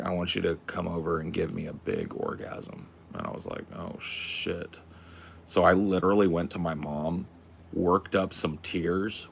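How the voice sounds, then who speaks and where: Young streamer, very low gravelly voice, relaxed slangy chat, swears freely. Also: male voice, slight background noise. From Pacific Northwest. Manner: laid-back, slangy, swears a lot. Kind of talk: casual livestream chat.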